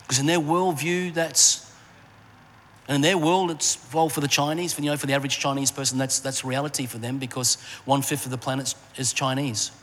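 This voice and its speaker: Middle-aged man, pastor, storytelling sermon, mid pitch, long hall echo, faint room hum. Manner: storytelling, rises in pitch for emphasis, drops low and soft in personal memories. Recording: long hall reverb, faint ambient noise.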